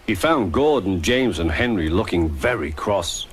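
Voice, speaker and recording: A man telling a children's story in a gentle, clear voice, his pitch moving lively through each sentence. Music plays behind the narration. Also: measured pace, few pauses. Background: background music.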